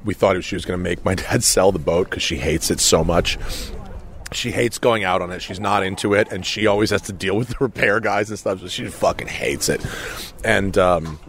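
A man's voice: low voice, moderate pace, a bit bright, slight background noise. A man co-hosting a casual podcast chat, laid-back and swearing freely, recorded outdoors and later in a car. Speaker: podcast co-host.

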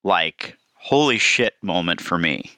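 A man on a podcast casually recounting a movie scene in detail, lively and expressive. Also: sits low, takes it slowly, no room sound. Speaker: podcast co-host.

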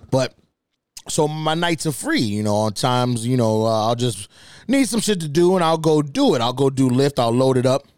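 A young man hosting a podcast, telling stories in a profane, animated, casual comedic way, jumping higher in pitch when outraged. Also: normal speed, smooth, no room sound, clean studio sound. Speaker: podcast host.

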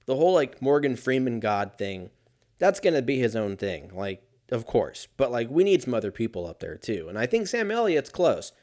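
A man's voice: mid-range voice, sing-song, moderate pace, a little mellow. A man talking alone in a casual monologue as a podcast host, rambling and swearing and often laughing.

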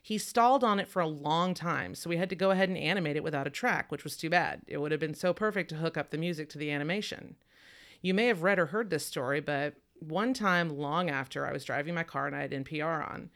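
A woman's voice: sits low, quick pace, a bit bright. A woman hosting a casual podcast chat, talking enthusiastically and laughing as she retells stories. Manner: enthusiastic, laughs and quotes others. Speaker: podcast host.

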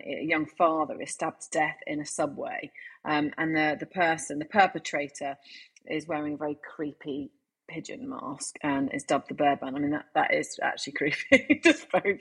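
A woman with a low, husky voice chats about television shows. She restarts her sentences often but stays enthusiastic. Her delivery is loose and conversational. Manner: hesitant, many restarts, warm enthusiasm. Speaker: TV review co-presenter. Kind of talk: casual TV review chat.

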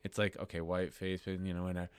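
A man with a lowish voice co-hosts a podcast and runs through the news. He is blunt and opinionated and swears freely. The recording is dry and close. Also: little pitch movement, quick pace, clear, resonant tone, dry recording. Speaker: podcast co-host. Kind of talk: casual chat, reading news.

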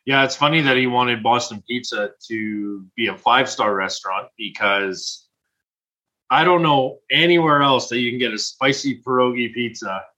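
A man's voice: mid-range voice, normal speed, sharp tone, poor audio. A man co-hosting a podcast, chatting in an easygoing way and laughing along. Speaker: podcast co-host. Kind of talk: casual podcast chat.

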